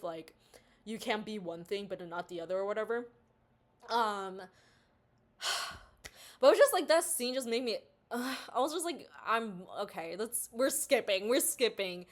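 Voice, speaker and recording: A young woman talks through a book in a loose, casual ramble. She circles back and restarts her thoughts constantly, stringing ideas together with fillers. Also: mid-range voice. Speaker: book reviewer.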